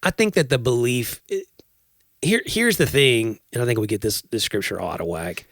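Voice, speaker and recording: A man's voice: medium pitch, animated, moderate pace, a bit bright, no room sound. Guy cohosting a podcast, mid voice, earnest and thoughtful, laughs a lot, dry sound. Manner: earnest, reflective, laughs easily. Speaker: podcast co-host. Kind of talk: casual chat.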